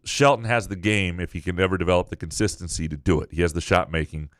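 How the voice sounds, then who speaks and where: Deep-voiced man giving sports analysis. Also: fairly even intonation, quick pace, a bit bright, no room sound, studio quality. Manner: thoughtful analysis with many fillers, easy laughter. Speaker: sportswriter and podcast co-host. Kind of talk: casual sports chat.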